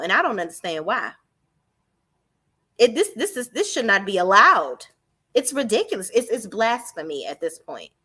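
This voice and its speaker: A woman talks straight to her viewers, recapping reality TV. She is sassy and profane and mocks the cast without holding back. Her pitch leaps around with a lot of life. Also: fairly bright tone. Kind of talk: unscripted live recap.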